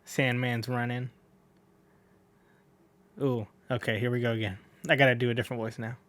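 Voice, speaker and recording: A man's voice: medium pitch, flat delivery, moderate pace, pauses often, a bit bright, no room sound. A man reading a manga aloud and chatting about the pages, correcting himself and laughing at his slips. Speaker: manga reader. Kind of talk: casual manga read-along with commentary.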